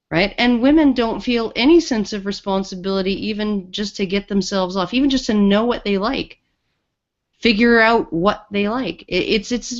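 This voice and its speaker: A woman co-hosting a podcast, telling a story in a casual, rambling way with many restarts. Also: fairly high pitch. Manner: rambling, lots of restarts and fillers. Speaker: podcast co-host. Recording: dull lo-fi audio.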